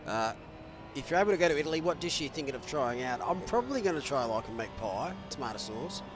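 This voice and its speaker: A man commentating an online racing event, chatty and joking, getting loud and excited when the race action kicks off. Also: medium pitch, quick pace, over music.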